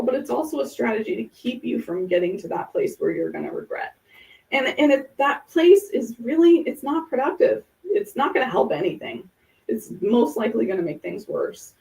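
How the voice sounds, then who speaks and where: A woman's voice: on the high side, vocal fry, darkish tone, far from the mic, rough recording. A woman hosting a casual podcast, talking through ideas in an earnest, explanatory way with examples. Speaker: podcast host.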